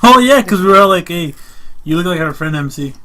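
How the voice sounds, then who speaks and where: Young man telling lively party stories. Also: high-pitched, brisk. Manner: animated storyteller acting out friends' lines. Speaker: podcast regular. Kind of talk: casual chat among friends.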